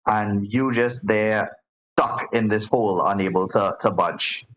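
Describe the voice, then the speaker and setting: A man with a fairly low voice runs a tabletop game, narrating loosely with lots of fillers and restarts. Faint ambient noise sits under him. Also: a little slow, a bit bright, poor audio. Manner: casual, many fillers and restarts. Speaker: game master.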